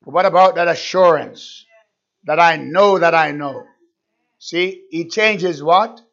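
A man's voice: on the high side, unhurried, a bit bright. A man preaching a fervent sermon, repeating himself and firing rhetorical questions at his listeners. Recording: dull lo-fi recording.

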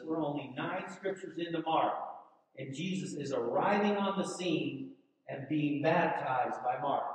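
A male pastor preaching a sermon, moving between loud, emphatic declarations and hushed, quieter asides. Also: medium pitch. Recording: echoey hall, mic from a distance.

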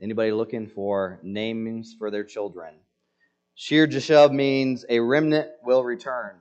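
A man's voice: medium pitch, steady tone, unhurried, a little mellow, dull audio. A man preaching a sermon in a conversational, joking way, acting out quoted lines with emphasis. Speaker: pastor.

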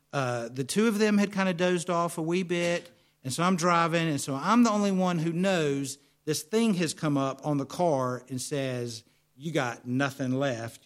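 An American man preaching, asking his congregation questions and answering them himself, then telling a travel story. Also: fairly high pitch. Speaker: pastor. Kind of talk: sermon.

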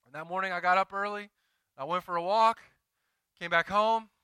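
A man's voice: high-pitched, steady tone, moderate pace, bright, forceful tone, clear, resonant tone, no echo. A married man preaching a sermon as pastor, moving between conversational confession and emphatic exhortation. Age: adult, married.

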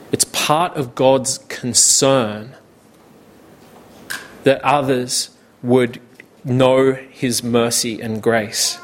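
A man preaching a sermon in a slow, measured way, with casual asides. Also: medium pitch. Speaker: pastor.

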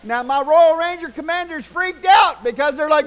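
An older man preaching a sermon, telling folksy stories, loud one moment and hushed the next. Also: very high voice, moderate pace, few pauses, a faint crowd, slight background noise, low-quality recording. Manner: folksy, animated, shouts punchlines, drops to hushed tones. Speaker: pastor. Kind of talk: sermon with storytelling.

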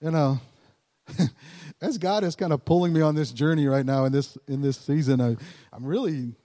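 A man preaches in a relaxed, conversational style, often chuckling and acting out the lines he quotes. His voice sits a little high but sounds mellow and dark. The recording carries a long reverb, as in a large hall. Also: moderate pace. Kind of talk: sermon.

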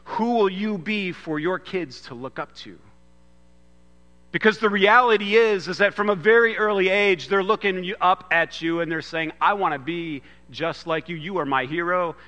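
A man's voice: high-pitched, normal speed, bright, forceful tone. A man preaching a sermon on a Father's Day morning, in a loose, conversational way with frequent restarts. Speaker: pastor. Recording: long hall reverb.

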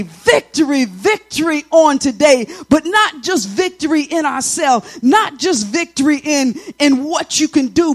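A woman preacher delivering a sermon in a call-and-response style, with colloquial asides and stretches that rise to shouting. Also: high-pitched, no room sound.

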